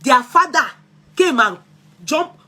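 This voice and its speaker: A middle-aged woman with a Nigerian Yoruba accent, talking through casual commentary as a vlog host, animated and exclaiming as she switches between languages. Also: sits high, takes it slowly. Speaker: vlog host taking calls.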